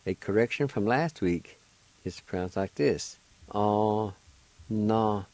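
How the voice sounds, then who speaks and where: A man's voice: fairly low pitch, lively intonation, normal speed, a little mellow, no echo, low-quality recording. A man hosting a radio language lesson, patiently spelling out and pronouncing words one syllable at a time. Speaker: radio host teaching a language.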